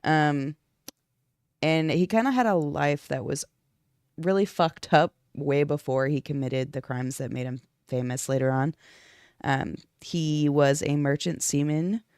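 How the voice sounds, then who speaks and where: A woman's voice: deep voice, darkish tone, clean tone, no echo. Stuffy sick woman chatting true crime, dry close mic, cusses a lot. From Florida. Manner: casual, swears freely. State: sick, congested. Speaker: podcast co-host. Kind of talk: casual true-crime chat. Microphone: streaming desk mic.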